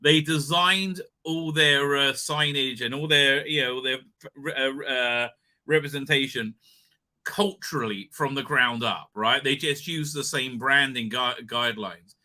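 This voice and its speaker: A man's voice: medium pitch, a little slow, bright, forceful tone. A man hosting a live online show, chatting casually and rambling with many fillers, restarts and laughs. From Israel. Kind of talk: casual live-stream chat.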